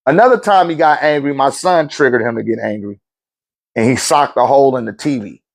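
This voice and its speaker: In a medium-pitched voice and at a slightly quick pace, a middle-aged spiritual talk show host delivers a laid-back storytelling monologue. He leans on slang, chuckles a lot, and performs the voices of those he quotes.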